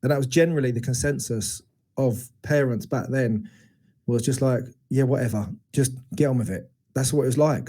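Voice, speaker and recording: Mellow-voiced man recounting painful memories. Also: mid-range voice. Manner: open, searching, halting retelling of painful memories. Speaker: interview guest. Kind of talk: candid personal storytelling.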